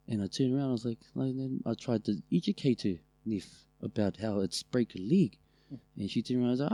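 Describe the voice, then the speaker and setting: A man with a New Zealand accent, co-hosting a podcast and telling family stories in a loose, animated way, with a lot of swearing. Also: mid-range voice, brisk, no room sound. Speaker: podcast co-host. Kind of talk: casual storytelling chat.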